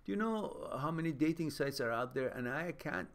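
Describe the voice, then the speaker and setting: A man hosts a live Q&A stream in a somewhat high, expressive and fairly bright voice at normal speed. He chats loosely and rambles while reading viewer comments, using many fillers and frequently restarting his sentences.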